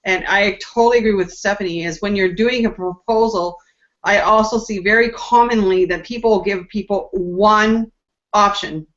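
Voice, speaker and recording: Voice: medium pitch, moderate pace, a bit bright. A woman on a panel, casually explaining her point with lots of examples. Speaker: discussion panelist. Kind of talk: casual group discussion. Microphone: video call. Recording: dull lo-fi video call audio.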